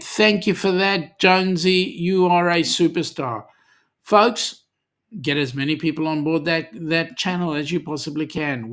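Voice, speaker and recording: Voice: medium pitch, fairly bright tone. An Australian host chatting casually on a live cruising stream, reading viewer comments aloud with plenty of ums and friendly banter.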